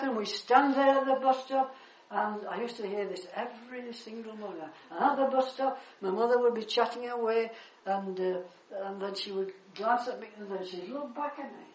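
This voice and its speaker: An older man preaching a sermon, telling a childhood story with animated swells of loudness on key words. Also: high-pitched. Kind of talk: sermon with personal anecdote. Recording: echoey church room.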